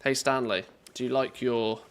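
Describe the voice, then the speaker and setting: A man's voice: mid-range voice, fairly even intonation, normal speed, clear, resonant tone. A man streaming live, talking casually and rambling, restarting his thoughts mid-sentence.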